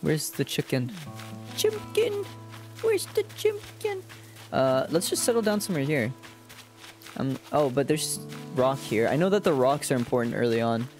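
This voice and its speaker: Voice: mid-range voice, expressive, moderate pace, darkish tone, faint music behind. A streamer giving casual gameplay commentary, joking crudely and playfully.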